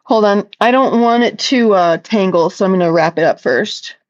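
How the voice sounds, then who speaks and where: A woman's voice: mid-range voice, moderate pace, highs cut off. A woman hosting a casual livestream chat, reading viewer comments aloud and answering them in a blunt, profane, talkative way.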